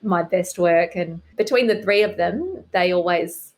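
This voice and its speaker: A woman's voice: lowish voice, unhurried. A middle-aged woman, a guest author, chatting in an interview with a wry, self-deprecating humor. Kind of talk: casual interview chat.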